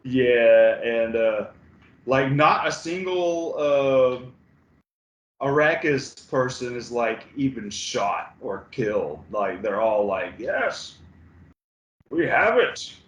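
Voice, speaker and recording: A man co-hosting a casual movie review chat, laid-back and halting, with many fillers and swears. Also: medium pitch, roomy sound, poor audio. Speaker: podcast co-host.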